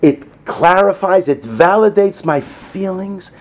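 A middle-aged man giving a sermon-style lecture, moving between hushed whispers and loud, emphatic lines. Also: high-pitched, takes it slowly. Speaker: rabbi.

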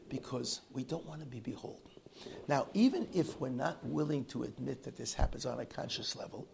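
Male rabbi, gravelly, very lively pitch, faint noise behind; loud bursts, then near-whispers. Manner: animated, swings from loud exclamations to near-whispers; acts out quoted people in his story. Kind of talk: Torah talk to a congregation.

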